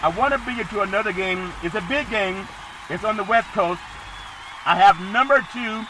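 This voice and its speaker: High-voiced excitable male sports host. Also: moderate pace, noisy background. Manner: excitable, loud bursts of emphasis. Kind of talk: college football preview commentary.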